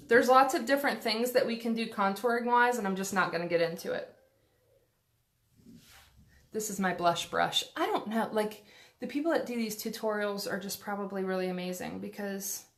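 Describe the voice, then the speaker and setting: A chatty woman talks her way through a makeup tutorial at home, full of fillers, little asides and self-deprecating jokes. Her voice sits in an ordinary middle pitch and comes through a phone camera. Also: fairly bright tone. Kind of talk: casual live-stream makeup tutorial.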